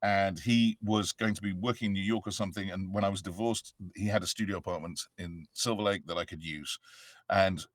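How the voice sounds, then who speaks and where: A man's voice: deep voice, fairly even intonation, fairly quick, no echo. A middle-aged man with an English accent, a guest actor chatting animatedly and playfully in an interview. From England. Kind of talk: casual interview chat.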